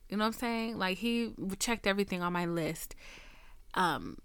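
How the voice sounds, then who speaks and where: A woman's voice: medium pitch, normal speed, fairly bright tone, clean tone, no room sound. A young woman hosting a podcast, telling a dating story in a chatty, profane way, sometimes dropping to a near whisper. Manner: chatty, profane, addresses listener as girl; drops to a near whisper for asides. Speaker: podcast host. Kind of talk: casual storytelling.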